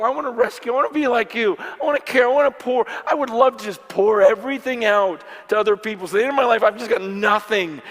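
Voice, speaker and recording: A man's voice: very high voice, fairly bright tone. A man preaching at a conference in an earnest, rambling way, acting out the voices he quotes. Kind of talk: conference sermon. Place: large conference hall. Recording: long hall reverb.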